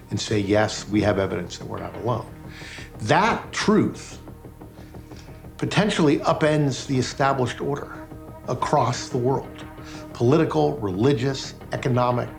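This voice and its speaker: Gravelly man asking rhetorical questions. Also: medium pitch. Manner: reflective, posing rhetorical questions. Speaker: interviewee. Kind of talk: documentary interview.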